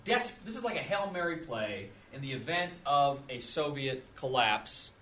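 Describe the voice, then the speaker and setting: A man's voice: mid-range voice, big pitch swings, moderate pace, fairly bright tone. A man giving an informal history lecture in a classroom, talking casually and repeating his points. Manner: casual, conversational, with repeated phrases and restarts.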